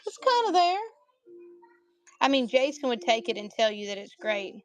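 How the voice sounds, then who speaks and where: Woman, country accent, livestream seller, jokey and chatty with viewers, high voice. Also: very animated, normal speed, faint music behind. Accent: American country. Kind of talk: casual live sales chat.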